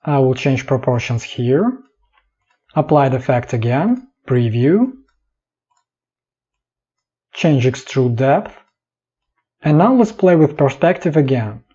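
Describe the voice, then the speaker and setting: Calm, slow man with a husky voice. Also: medium pitch. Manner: calm, instructive, short clipped steps. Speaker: software tutorial narrator. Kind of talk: step-by-step screen tutorial voice-over. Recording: dull lo-fi voice-over.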